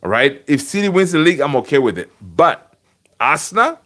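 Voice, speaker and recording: A man's voice: fairly high pitch, big pitch swings, a little fast, fairly bright tone. A man hosting a casual football fan livestream from home, chatty and rambling, greeting viewers and answering the chat. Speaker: fan channel host. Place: home room.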